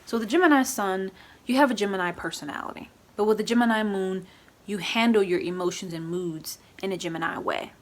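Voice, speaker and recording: A woman casually explaining astrology in a vlog, chatty, often adding "you know" and "right?", and acting out quoted moods in lively voices. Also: medium pitch, brisk. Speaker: astrology YouTuber.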